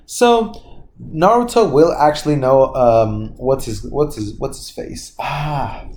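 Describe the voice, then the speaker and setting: A young man spins a homemade fan story in a loose, unscripted ramble. He keeps losing names, doubling back to correct himself, and drops the odd curse. His voice sits at an ordinary middle pitch. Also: animated, takes it slowly, a little mellow. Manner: laughs at his own slips, swears casually. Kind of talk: casual spoken fan-fiction retelling.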